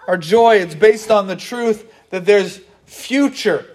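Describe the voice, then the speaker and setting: A man's voice: high voice, slow, few pauses, a little mellow. A man preaching a sermon to his congregation, earnest and conversational, often acting out what people say. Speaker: pastor.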